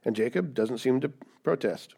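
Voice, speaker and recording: A man preaching a sermon, animated and emphatic, asking his listeners rhetorical questions as he teaches. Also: medium pitch, normal speed, gravelly, husky. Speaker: pastor.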